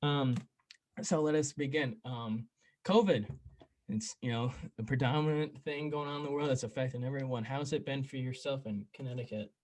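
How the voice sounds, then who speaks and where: A man's voice: mid-range voice, moderate pace, darkish tone. A young man from the United States hosting a casual podcast, rambling and joking with a guest and swearing freely. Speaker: podcast host.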